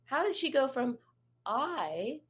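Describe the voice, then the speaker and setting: Woman coach, mid-pitched voice, chatty advice talk that speaks straight to the listener. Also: expressive, measured pace. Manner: conversational, addresses listener directly with questions. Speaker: eating disorder therapist and coach.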